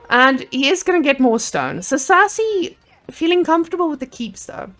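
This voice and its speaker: A woman casting a live strategy game match with a playful, excitable, jokey manner, speaking into a handheld microphone. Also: high-pitched, normal speed. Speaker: esports caster.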